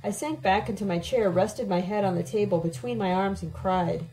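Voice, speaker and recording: A woman reading a novel aloud in the first person, steady and even-paced. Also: mid-range voice, normal speed, low-quality recording. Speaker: audiobook reader.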